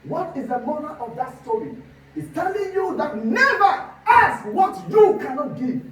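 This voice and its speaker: A man preaching with fervent energy, shouting out repeated rhetorical questions in a very high voice. His sermon bounces around a big, echoey church hall. The mic sits well away from him. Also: sing-song, a little slow, recorded from a distance, noisy background. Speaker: pastor.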